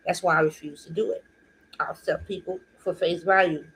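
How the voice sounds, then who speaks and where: A woman's voice: on the low side, fairly even intonation, a little fast, a bit bright, slight background noise, poor audio. A woman hosting her own video, telling an earnest, heartfelt personal story with repeated phrases. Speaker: vlog host. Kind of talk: personal testimony monologue.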